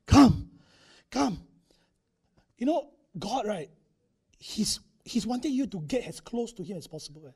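A male preacher delivers a conversational sermon in a church. His voice is high, husky and dark-toned. He acts out little quotes and drops tag particles as he goes. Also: big pitch swings, moderate pace, pauses often.

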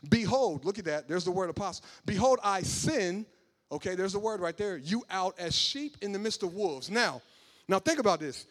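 Man, high voice, sermon, conversational, emphatic shouting. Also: lively intonation, moderate pace. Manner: conversational, building to loud emphatic preaching. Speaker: preacher.

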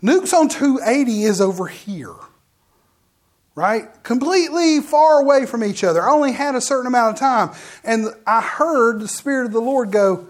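A middle-aged preacher is in full storytelling flow. The preacher speaks in the middle pitch range and talks straight to the congregation. Lively asides keep breaking into the story, and sentences often restart halfway. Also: normal speed. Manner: addresses the audience directly with asides. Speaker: minister. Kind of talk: sermon testimony to a congregation.

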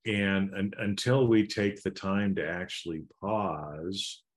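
A man co-hosting a casual podcast chat, relaxed and rambling with many asides. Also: deep voice, takes it slowly. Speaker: podcast co-host.

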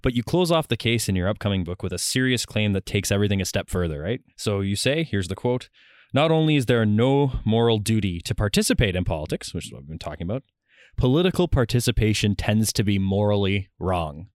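A man hosting a podcast, asking chatty questions quickly and restarting them as he goes. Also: on the low side, animated, dry recording, clean studio sound. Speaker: podcast host. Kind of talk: conversational interview questions.

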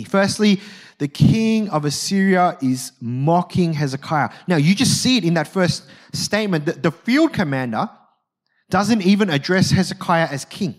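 A male preacher giving a conversational, animated sermon and often checking in with his listeners. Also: high-pitched, normal speed.

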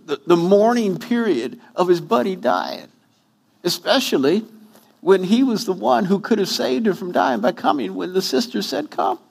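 A man's voice: high voice, gravelly, darkish tone, slightly rough. A pastor preaching a sermon, acting out quotes with wide swings in his voice.

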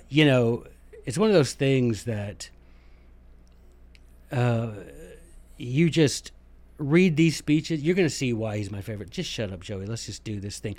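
A man's voice: medium pitch, darkish tone. A man hosting a podcast in a casual monologue, talking with lots of fillers and asides and muttering some comments under his breath. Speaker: podcast host; former teacher, book club leader.

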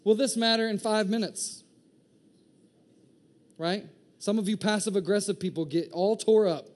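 A man preaching a sermon to a congregation, animated and joking, acting out the inner voices of his listeners. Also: high-pitched, normal speed. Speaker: pastor.

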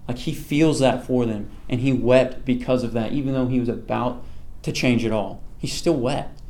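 A man leads a relaxed Bible study, reading passages aloud and then talking them through. His tone is conversational, and he often pauses to ask his listeners "okay?". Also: mid-range voice. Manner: conversational, checks in with frequent "okay?"; reads scripture aloud, then explains it. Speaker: Bible teacher.

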